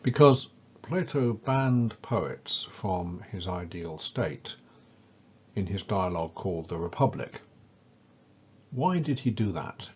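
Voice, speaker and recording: Deep low guy, kinda husky, slow careful lecture voice, dull lo-fi sound. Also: expressive. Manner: measured and deliberate, stresses key words. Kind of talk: scripted educational lecture.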